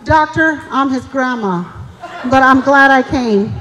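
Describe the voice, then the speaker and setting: A woman's voice: high-pitched, measured pace, fairly bright tone, slight background noise. A woman voicing a cheeky grandmother in a live stand-up joke. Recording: live show in a reverberant hall with audience.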